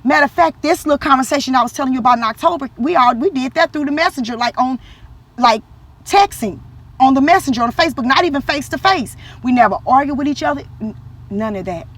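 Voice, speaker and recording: A woman's voice: high voice, quick pace. A woman telling a personal faith story in casual vlog talk, acting out quotes with animation. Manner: animated, acts out quotes in a lively voice, religious talk. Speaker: vlogger.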